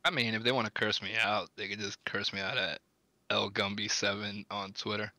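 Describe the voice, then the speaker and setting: A man's voice: on the low side, little pitch movement, fairly quick, pushed and bright, no echo. A young man as a podcast guest, laid-back and dry, with casual slang. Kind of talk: casual chat.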